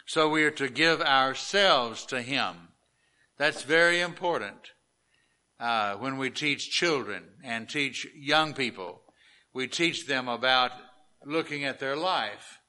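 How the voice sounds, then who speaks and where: A man preaching a sermon as pastor, reading scripture aloud and explaining it with slow, emphatic delivery. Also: mid-range voice, pushed and bright.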